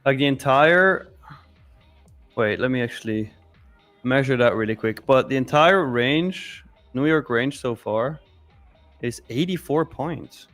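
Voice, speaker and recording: A man's voice: medium pitch, unhurried, a bit bright, faint music behind. A man from India with an Indian accent, co-hosting a live trading stream, joking and calling out chart levels in casual chat. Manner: joking, calls out trade levels. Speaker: co-host of a live trading show.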